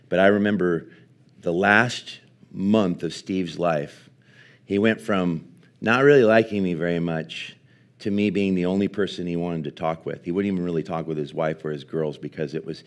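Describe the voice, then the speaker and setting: A man preaching at a live church service, telling a personal story in an earnest, halting way with many restarts. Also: low-pitched. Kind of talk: sermon storytelling.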